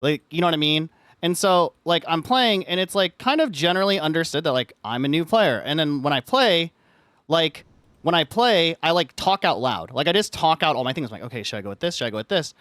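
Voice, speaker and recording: A male live streamer who rambles through a story in casual chat, packing nearly every phrase with "like." His voice sits a little high for a man. It is recorded dry and close, with no room echo. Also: animated, moderate pace, fairly bright tone. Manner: rambling, says "like" constantly; frustrated ranting.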